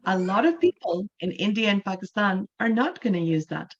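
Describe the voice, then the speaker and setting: A woman's voice: medium pitch, sing-song, brisk. Female English teacher from Canada, mid-range voice, explanatory and checks in with "right?"; muffled online-class sound.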